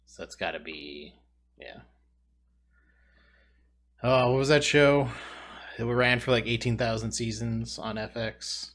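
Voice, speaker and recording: A man's voice: mid-range voice, slow pace, pauses often, fairly bright tone. A man hosting a trivia video, thinking aloud and rambling casually as he tries to recall answers. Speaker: trivia video host playing along. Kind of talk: casual commentary while answering quiz questions.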